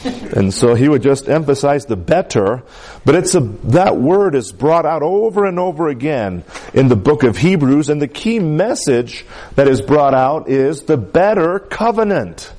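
A man's voice: fairly high pitch, very animated, measured pace, dark tone. A man preaching a sermon, stressing key words and calling out to his congregation for an amen. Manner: emphatic preaching with congregation call-outs. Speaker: pastor.

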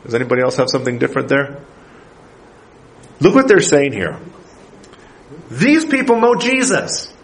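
A man's voice: mid-range voice, very animated, moderate pace, long pauses, rough recording. A man preaching a sermon as pastor in a church, building to emphatic bursts and putting questions to the congregation.

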